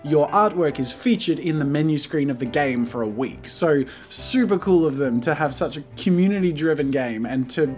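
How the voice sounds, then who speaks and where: A high, bright-sounding man hosts his let's play with eager, chatty energy, tossing in quick asides to his audience. Faint music plays under his voice. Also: lively intonation. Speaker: host. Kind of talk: game let's play commentary.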